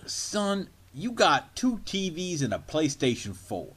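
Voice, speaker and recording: A man's voice: on the high side, sing-song, slow pace, a bit bright, slightly rough, exaggerated voice. A man playing a foul-mouthed, preachy father. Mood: lecturing. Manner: scolding, preachy, swears a lot. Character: foul-mouthed father lecturing his son.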